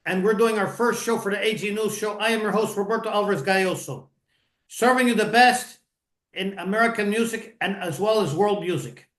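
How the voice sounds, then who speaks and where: A man's voice: high voice, fairly quick, fairly bright tone, echoey room. A male interview host who introduces his guest in a formal, effusive way. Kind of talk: radio interview. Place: home studio in Miami.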